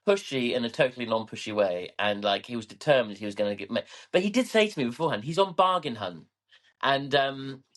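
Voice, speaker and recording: A man's voice: medium pitch, fairly bright tone. A man co-hosting a podcast, telling stories in a rambling, hesitant way full of fillers and restarts. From family from Scotland. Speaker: podcast co-host. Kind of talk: casual chat.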